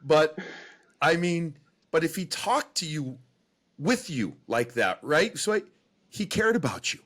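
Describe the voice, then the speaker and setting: A man's voice: on the high side, big pitch swings, a little slow, a bit bright. A man co-hosting a hockey podcast, chatty and rambling, telling stories with many restarts. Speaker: podcast co-host, hockey broadcaster. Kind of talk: casual podcast interview.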